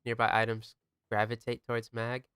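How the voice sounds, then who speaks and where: Crisp bright-voiced young man streaming. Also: mid-range voice, monotone, normal speed, no room sound, studio quality. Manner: laid-back, swears often, jokes with chat. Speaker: game streamer. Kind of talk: casual chat while gaming.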